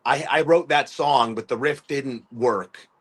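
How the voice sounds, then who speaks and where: A man's voice: medium pitch, unhurried. Rambling man musician. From US East Coast. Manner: rambling, many fillers and restarts, acts out quoted voices. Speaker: musician guest. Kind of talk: casual conversational storytelling.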